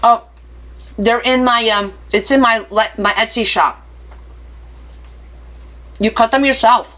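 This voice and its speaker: Woman, craft live-stream host, bright clear voice, chatty, playful asides, reads out viewer comments. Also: on the high side, takes it slowly. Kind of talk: casual live-stream chat.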